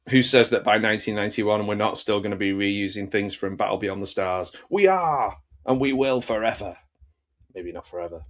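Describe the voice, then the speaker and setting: A man's voice: lowish voice, a bit bright. A man chatting casually as a film reviewer, rambling and enthusiastic, with jokey asides. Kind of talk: casual chat.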